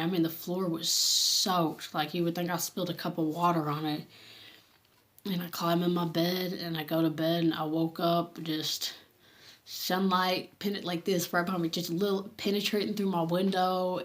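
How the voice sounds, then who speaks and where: A woman sharing a personal faith testimony in a casual, earnest way, reading from her journal and often pausing and restarting, sometimes dropping to a hush. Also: lowish voice. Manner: halting and earnest, with many restarts and fillers.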